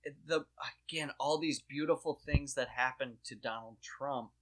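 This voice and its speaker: A man co-hosting a casual political chat, talking in an animated, rambling, profane way. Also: mid-range voice, normal speed.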